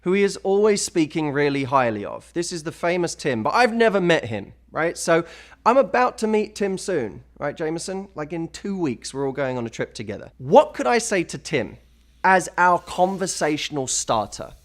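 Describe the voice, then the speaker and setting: A man's voice: on the high side, big pitch swings, normal speed. A man presenting dating and conversation advice in a polished, upbeat way, acting out sample lines. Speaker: dating coach in a played video.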